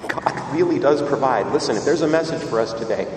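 A man's voice: mid-range voice, fast talker, very echoey, long reverb tail, distant mic, noisy background. A male priest giving a sermon, telling stories and asking rhetorical questions. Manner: expressive storytelling, rhetorical questions.

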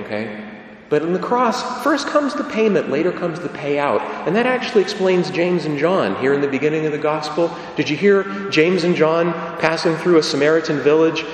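A man's voice: a little high, brisk, slight background noise. A man giving an emphatic sermon, asking rhetorical questions and repeating key phrases. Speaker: preacher. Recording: echoey church from a distance.

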